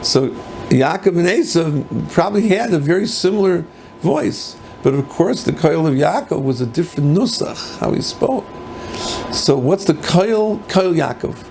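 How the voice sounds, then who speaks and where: Older rabbi, gravelly, kinda high voice, faint hiss behind. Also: male voice, lively intonation, unhurried, darkish tone. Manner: mixes Hebrew and Yiddish terms, rhetorical questions. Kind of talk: Torah lecture. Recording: faint background noise.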